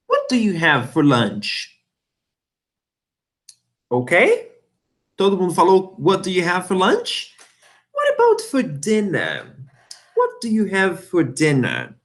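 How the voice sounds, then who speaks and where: Slow, lively man teaching English. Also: on the high side. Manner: slow, drawn-out modeling of words for repetition. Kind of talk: online English lesson for Portuguese speakers.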